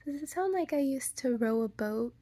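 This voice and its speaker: With an animated, mellow, fairly high voice and a moderate pace, a young American woman with a Valley girl accent vlogs casually to camera. "Like" shows up constantly, alongside playful asides and half-whispered bits.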